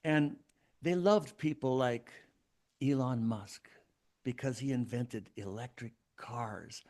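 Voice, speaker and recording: A man's voice: mid-range voice, takes it slowly, a little mellow. A man hosting a solo podcast, arguing his points in an emphatic, preachy way. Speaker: podcast host.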